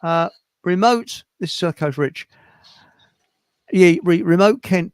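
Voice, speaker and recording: A middle-aged man, hosting a casual livestream chat, blunt and grumbling with quick asides. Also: fairly high pitch, no echo. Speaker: host.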